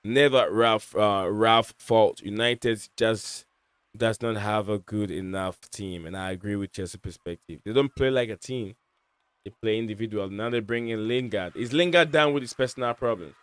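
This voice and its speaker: A man hosts a live football watch-along with friends on a call. His voice is smooth and resonant, with a dry, close sound and no room around it. He rambles casually and stumbles through fillers and restarts. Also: fairly low pitch, normal speed, dry recording. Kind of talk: casual live match commentary.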